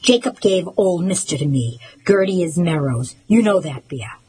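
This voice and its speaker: A woman's voice: fairly low pitch, animated, normal speed, dark tone, husky. A woman reading the part of a protective young boy who speaks urgently.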